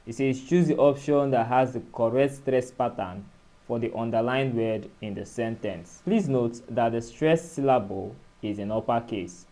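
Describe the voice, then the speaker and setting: Male tutor, mid-pitched, measured, spells words out for students. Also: dark tone. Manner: measured, spells out letters and syllables. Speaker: exam tutor. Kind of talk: exam-prep lesson.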